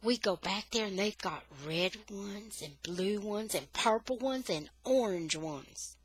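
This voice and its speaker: A woman reading a children's novel aloud for English learners, slow and expressive. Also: medium pitch.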